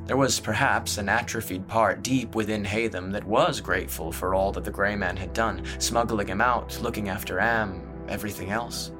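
Man reading a fantasy audiobook, low flat steady delivery, faint music underneath. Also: normal speed, hardly any pauses. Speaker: audiobook narrator. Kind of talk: scripted fantasy narration.

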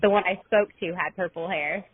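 A woman's voice: lowish voice, brisk, background noise. A woman co-hosting a podcast, chatty and giggly, rambling through stories with her friend. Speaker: podcast co-host. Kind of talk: casual storytelling chat. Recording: tinny phone-like sound.

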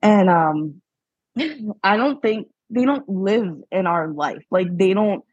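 A woman's voice: mid-range voice, expressive, slow, a little mellow, husky, dry recording, highs cut off. A woman from Pennsylvania, a podcast guest, telling her story in a chatty, casual way, laughing often and acting out what people said to her. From Pennsylvania, USA.

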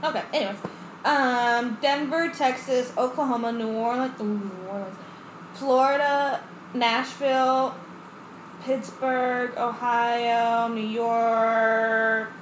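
A woman co-hosting a podcast in casual chat, expressive and playful, laughing often. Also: a little high, slow. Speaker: podcast co-host. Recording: echoey room, faint noise.

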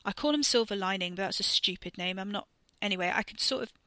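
A woman's voice: medium pitch, fast, bright, forceful tone, no echo, lightly acted. Woman reading a cocky, rambling teenage boy. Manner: casual, rambling, boastful.

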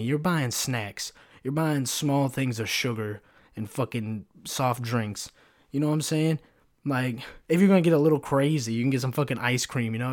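Young man, solo podcast host, foul-mouthed rambling rant, close mic. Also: mid-range voice. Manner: profane, rambling storytelling with many fillers. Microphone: pop filter mic.

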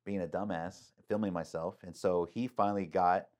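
A middle-aged man with a very deep, low voice telling a story on a podcast. He talks casually with plenty of "like" fillers. He acts out the people in his story animatedly, leaping up in pitch for their lines. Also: moderate pace. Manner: animated, acts out quotes with big pitch jumps, many "like" fillers.

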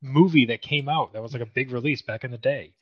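Fast-talking joking man in his thirties. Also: medium pitch, dull audio, a crowd in the background. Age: 30s. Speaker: podcast co-host. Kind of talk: casual podcast banter.

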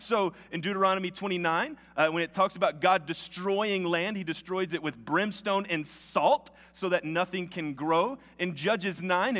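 High-voiced pastor with a Southern accent. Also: male voice, a bit bright. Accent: Southern American. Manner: conversational, quick asides to the congregation. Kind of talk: sermon. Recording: long hall reverb.

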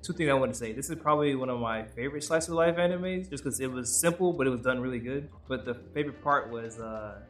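A man's voice: medium pitch, quick pace, few pauses, a bit bright. Rambling young man on a podcast. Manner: rambling, laughs often, acts out quotes. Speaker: podcast co-host. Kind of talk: casual chat.

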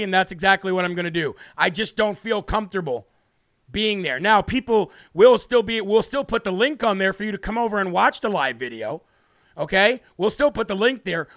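A man's voice: high voice, fairly bright tone, dry recording, clean studio sound. A man hosting a live political talk show, brash and combative, with mocking asides to viewers. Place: home studio.

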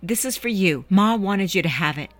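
A woman's voice: mid-range voice, animated, moderate pace, pitched above the performer's own voice, natural voice. A woman voicing an earnest, lovesick teenage boy who talks hesitantly and pleads.

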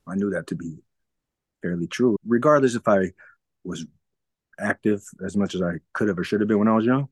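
A man with a very low voice tells his own story as an interview guest. He is frank, laughs through hard memories and acts out old conversations. The sound is dry and close, with no room echo. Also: brisk, long pauses, darkish tone, breathy edge. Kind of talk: candid personal storytelling.

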